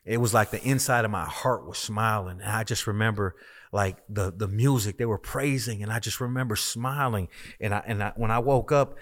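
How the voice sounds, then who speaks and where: A man's voice: medium pitch, fairly bright tone. A man, a minister, telling his personal testimony as a guest in a conversation, emphatic and repetitive as he tells the story.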